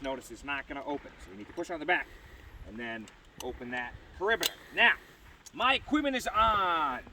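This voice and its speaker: A man's voice: a little high, sharp tone, far from the mic, a little hiss or hum. A man instructing a group outdoors on spar pole climbing technique, projecting his voice while he climbs. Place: outdoor yard.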